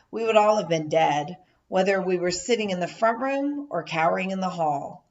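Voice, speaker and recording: A woman reading a first-person memoir as an audiobook narrator, measured and steady, now and then raising her voice for quoted shouts. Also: fairly low pitch. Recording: dull lo-fi audio.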